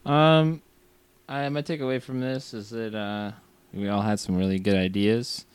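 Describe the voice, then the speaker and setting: Smooth low-voiced hesitant co-host. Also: male voice, fairly even intonation, moderate pace, dry recording. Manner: hesitant, enthusiastic, says dude. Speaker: podcast co-host. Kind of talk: casual chat.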